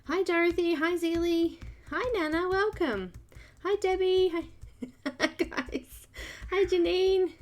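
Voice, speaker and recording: A woman hosting a live coloring stream, slightly croaky, chatty and greeting viewers by name with frequent laughs. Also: very high voice, slow. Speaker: art channel host.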